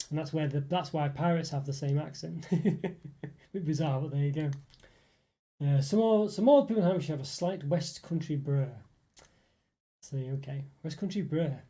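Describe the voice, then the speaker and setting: A man hosting a casual live stream, chatting with viewers and reading their comments aloud. His voice sits a little high but sounds dark and mellow. He muses aloud and fills pauses with easy fillers. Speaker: livestream host reading chat.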